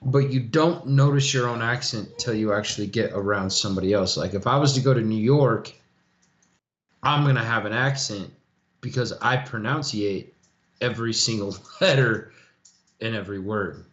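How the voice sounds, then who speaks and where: A man's voice: on the low side, moderate pace, a bit bright. A man in casual chat, easygoing and explaining things at length. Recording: dull lo-fi audio.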